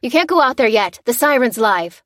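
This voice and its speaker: A woman putting on a frantic male army sergeant in a storybook, raised in pitch and loud. He blurts out his alarm in quick bursts over a dry, close sound. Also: animated, dry recording.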